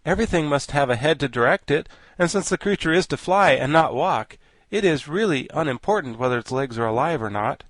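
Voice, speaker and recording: A man's voice: a little high, lively intonation, a little fast, dry recording, pitched above the performer's own voice. A man reading a wise, reasoning scarecrow. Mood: decisive. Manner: reasoning, polite.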